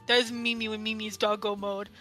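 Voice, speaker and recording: A woman artist chatting casually on a stream, excitable and giggly, talking in bursts. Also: mid-range voice, a little fast. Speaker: vtuber artist on a panel.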